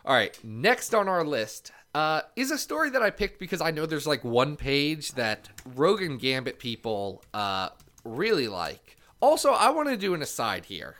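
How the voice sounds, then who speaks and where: A man co-hosting a casual podcast, playful and theatrical, who laughs easily. His pitch is very animated and swings up and down widely as he talks. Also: normal speed. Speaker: podcast co-host. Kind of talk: casual chat.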